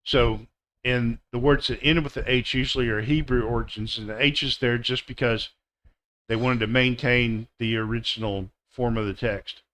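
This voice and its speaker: A man teaching pronunciation in a live online class, drilling words one by one and repeating them slowly and deliberately. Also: medium pitch, fairly even intonation, fairly bright tone. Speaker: English teacher.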